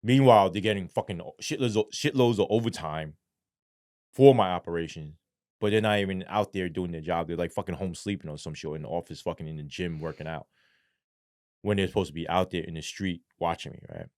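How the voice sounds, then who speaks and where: Low-voiced blunt, swearing man. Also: a little fast, a little mellow, dry recording, clean studio sound. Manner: blunt, heavy swearing, frequent "right?" asides. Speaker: podcast guest, former police sergeant. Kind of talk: casual interview storytelling.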